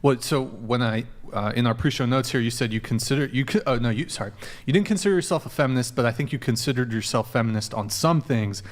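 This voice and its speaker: A man's voice: medium pitch, quick pace, few pauses. A man hosting a podcast panel, moderating loosely and reading from notes, tripping over words and swearing casually.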